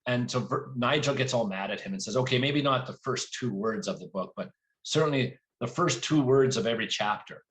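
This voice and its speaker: A man in the middle register, an author guest at a live library event. He tells stories in a lively way and drops quoted asides into them. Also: medium pitch, brisk.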